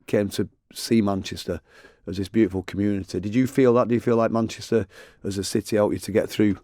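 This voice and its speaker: Middle-aged male radio presenter, quick-talking and slightly low-voiced, upbeat and quick to laugh, close studio mic. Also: fairly even intonation, mellow, dry recording. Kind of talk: radio interview. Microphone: studio microphone.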